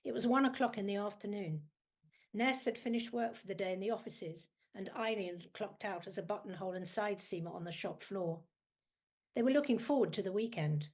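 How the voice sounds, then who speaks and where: A woman's voice: mid-range voice, a little fast, a little mellow. Woman reading her own novel aloud. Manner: chatty, self-deprecating.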